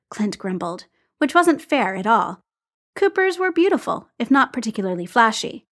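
A woman reading a story aloud in an even, unhurried storytelling voice. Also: fairly high pitch. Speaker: story reader. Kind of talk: reading fan fiction aloud.

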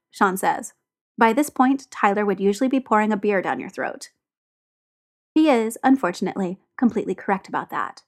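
A woman narrating a story aloud in a steady, expressive reading. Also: mid-range voice, fairly quick. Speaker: audiobook narrator.

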